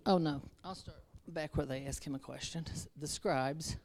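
A woman with a low voice delivers an informal sermon. She wanders and restarts herself in a conversational way, then presses into fervent exhortation. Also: normal speed, few pauses, darkish tone. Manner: self-interrupting, restarts verses. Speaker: preacher.

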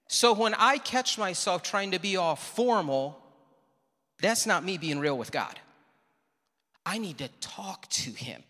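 Lively pastor preaching in a reverberant hall. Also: male voice, a little high. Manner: conversational, dramatic pauses, acts out quotes. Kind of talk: sermon. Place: church sanctuary.

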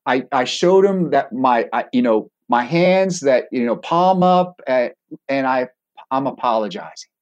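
A middle-aged man, a former hostage negotiator, telling a story from his own experience as a podcast guest. He speaks in a calm, deliberate way and pokes fun at himself with wry laughs. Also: medium pitch, muffled recording. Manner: self-deprecating, with wry laughs. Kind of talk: anecdotal storytelling in a podcast interview.

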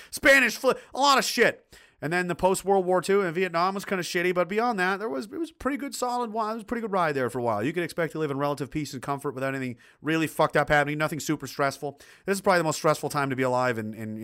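Reading out chat on a laid-back livestream, a middle-aged host rants with blunt profanity in a bright, forceful voice. He speaks fast and on the high side, rambling, tripping over restarts, and flaring into heated bursts.

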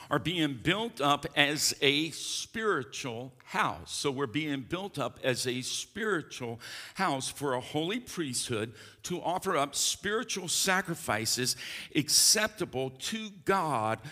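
A middle-aged pastor delivers an emphatic sermon in a church sanctuary, urging the congregation to respond. He speaks at a medium pitch with a sharp tone, and the big hall's long reverb surrounds him.

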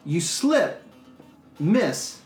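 Game master man, relaxed storyteller, echoey room, soft music underneath. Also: sits high, very slow. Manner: relaxed, laughs often, loose descriptive storytelling. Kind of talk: narrating a tabletop game. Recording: roomy echo, faint music behind.

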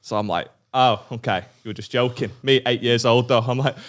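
A man's voice: medium pitch, steady tone, fairly quick, fairly bright tone. A man telling a childhood story on a comedy podcast, self-mocking, swearing and laughing. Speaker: podcast co-host.

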